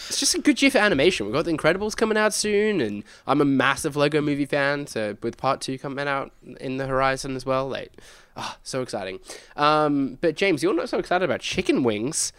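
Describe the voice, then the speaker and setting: A man's voice: on the high side, expressive, a little fast, a bit bright, clear, resonant tone, dry recording. A man hosting a casual video game podcast, upbeat and teasing, laughing often. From Australia. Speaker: podcast host.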